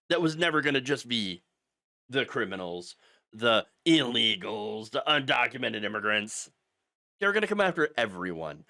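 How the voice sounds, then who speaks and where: Man, political commentary host, sarcastic, heated, very lively pitch, dry close sound. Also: moderate pace, vocal fry, dry recording. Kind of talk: opinion commentary.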